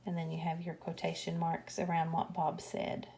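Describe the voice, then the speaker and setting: A woman teaching a grammar lesson, explaining punctuation slowly and patiently. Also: deep voice, completely flat delivery, creaky, warm tone, slight background noise.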